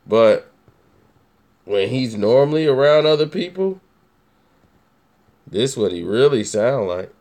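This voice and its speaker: A man's voice: mid-range voice, expressive, slow pace, long pauses, a little mellow. A man hosting casual opinion commentary, talking emphatically and teasingly, repeating his points. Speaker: host.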